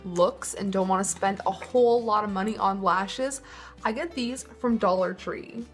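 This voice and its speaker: A woman's voice: fairly high pitch, a bit bright. A young woman chatting casually through a makeup tutorial, bubbly and loose, saying "like" often. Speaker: beauty vlogger.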